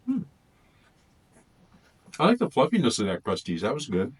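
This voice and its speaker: A man's voice: medium pitch, wildly swooping pitch, moderate pace, husky. Chatty man rambling through a taste test. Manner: rambling, thinks aloud between bites. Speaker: food reviewer. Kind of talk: casual taste-test vlog.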